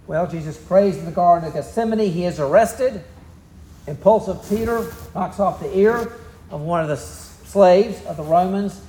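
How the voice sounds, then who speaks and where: A man's voice: high-pitched, normal speed, warm tone, reverberant. A man with a Southern US accent preaching a sermon, telling the story in a folksy, easygoing way. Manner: folksy storytelling, drawling asides. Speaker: pastor.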